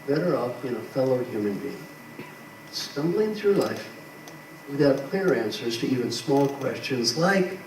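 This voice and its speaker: A man giving a motivational talk as a leadership coach. He is animated, acts out quotes and asks the crowd rhetorical questions. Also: medium pitch. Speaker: leadership coach speaking to an audience. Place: large hall with a live audience. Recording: echoey hall, far from the mic, noisy.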